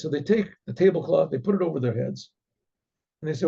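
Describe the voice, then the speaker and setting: A man, a rabbi, telling a story in a rambling way, often clearing his throat and restarting sentences. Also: fairly high pitch, quick pace, warm tone. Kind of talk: oral storytelling. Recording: dull lo-fi recording.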